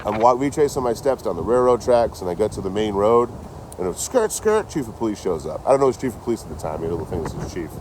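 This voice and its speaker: A man's voice: on the low side, quick pace, slight background noise. A man casually recounting a run-in with police in a profane, rambling vlog, quoting the people he met. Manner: rambling, profane, animated retelling with quoted dialogue. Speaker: vlogger. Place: outdoors near trees and a road. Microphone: handheld phone.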